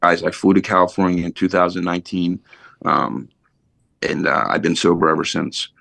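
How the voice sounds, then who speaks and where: A man's voice: low-pitched, fairly even intonation, moderate pace, gravelly, fairly bright tone, no echo. A middle-aged man, a podcast guest, telling a blunt, profane, emotional story about his recovery in a casual way.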